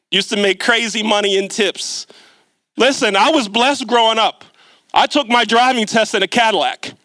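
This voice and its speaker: A man's voice: sits high, sharp tone, no echo. A man preaching a sermon in a church, telling a humorous story in a chatty way and asking the congregation questions. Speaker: lay preacher. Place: church sanctuary.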